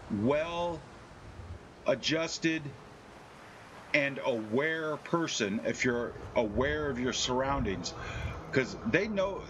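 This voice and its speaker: A man's voice: medium pitch, fairly bright tone, a little hiss or hum. A man chatting casually on a live game stream, telling profane, boastful stories.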